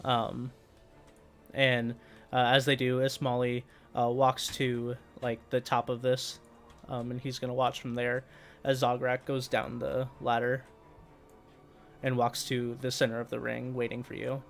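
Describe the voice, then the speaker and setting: A man's voice: mid-range voice, completely flat delivery, a bit bright, faint music behind. A man narrating as game master of a tabletop game, filling his speech with hesitations. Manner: halting, full of fillers.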